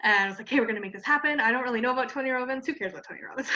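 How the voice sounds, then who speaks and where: Bright, chatty woman telling a story. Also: fairly high pitch, very fast. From Canada. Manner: animated, laughing often, many "like" fillers. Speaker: cosmetics company founder, guest. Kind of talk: casual storytelling in an interview. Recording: muffled lo-fi sound.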